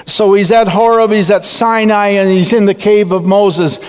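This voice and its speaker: Man preaching slow w/ big pauses, really high smooth voice, long hall reverb. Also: steady tone. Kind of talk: sermon.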